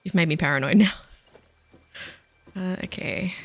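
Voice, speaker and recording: An Australian woman streams a game while chatting casually with viewers, self-deprecating and easily sidetracked. Her voice is lowish and unhurried, and the recording is dry.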